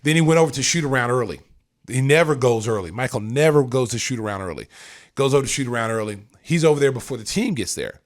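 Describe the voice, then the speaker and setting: A middle-aged man hosting a podcast, telling stories in a lively, casual way. He acts out what others said, with sudden jumps in pitch and loudness. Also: fairly quick. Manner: animated, acts out quotes with big jumps in pitch and volume. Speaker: podcast host and former pro player.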